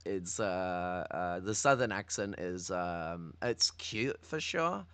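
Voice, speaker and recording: A man's voice: sits low, lively intonation, takes it slowly, fairly bright tone, clean tone, no echo. A man with a Northern English accent hosting a political commentary livestream, rambling and profane, teasing as he talks. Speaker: livestream host.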